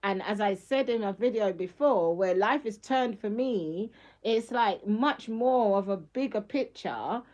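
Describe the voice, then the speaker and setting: A woman's voice: medium pitch, lively intonation, measured pace, darkish tone, lo-fi sound. A middle-aged woman, talking on a casual live stream in an emphatic, slangy way and laughing often.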